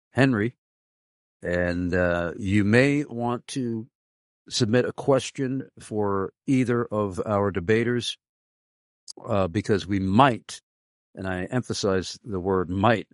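A man moderating a radio debate, making unhurried announcements with a few fillers. His voice is very low, and the sound is dry and close. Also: no echo.

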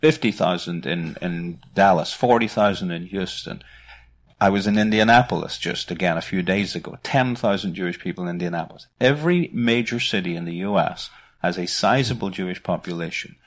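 Deep-voiced Northern Irish man. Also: a little fast. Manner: earnest, repeats words when starting phrases. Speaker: ministry leader and guest. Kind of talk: conversational interview, preacherly.

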